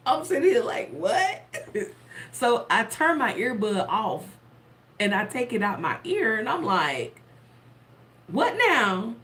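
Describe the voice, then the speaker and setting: Woman, slow delivery, casual storytelling, frequent laughter. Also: on the high side. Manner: animated, laughing often, chatty and playful. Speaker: tarot content creator.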